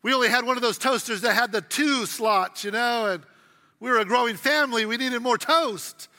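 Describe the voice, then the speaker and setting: A man's voice: extremely high pitch, normal speed, pushed and bright, long reverb tail. A middle-aged man preaching a sermon with humor, acting out quotes while telling stories. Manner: humorous storytelling with acted quotes. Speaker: pastor.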